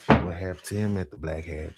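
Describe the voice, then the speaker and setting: A young man telling a profane street story in casual talk, swinging between low mutters and loud animated bursts. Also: brisk, background noise. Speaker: podcast storyteller.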